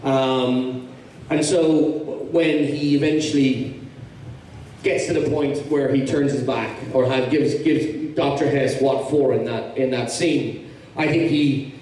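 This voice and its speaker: A man's voice: medium pitch, steady tone, slow pace, darkish tone. A man with an Irish accent, an actor guest at a fan convention panel, answering questions in a rambling, easygoing way with many restarts. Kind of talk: casual Q&A panel talk. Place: large convention hall with audience. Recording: echoey hall, mic from far off.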